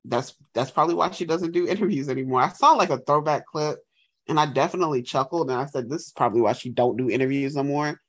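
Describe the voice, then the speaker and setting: A woman co-hosting a podcast in casual chat, telling stories animatedly and acting out quotes in high voices. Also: fast. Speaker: podcast co-host.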